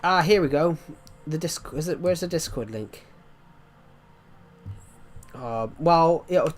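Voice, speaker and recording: Rambling West Country streamer. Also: male voice, a little high, slow pace, pauses often. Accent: West Country English. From England. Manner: rambling, chatty, talks to viewers with many restarts. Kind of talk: casual live-stream chat while playing.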